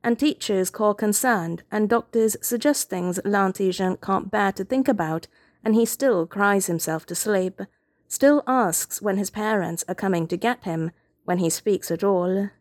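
A woman reading a novel aloud as audiobook narrator, in a measured, gentle storytelling manner. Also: mid-range voice, dry recording, studio quality. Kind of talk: scripted narration.

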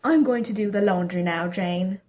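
A woman's voice: mid-range voice, normal speed, lightly acted. A woman voicing a doting, cheerful hero who fusses over a partner in a storybook reading. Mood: fond. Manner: warm, smiling, fussing. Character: doting, cheerful Asgardian hero, gender-bent.

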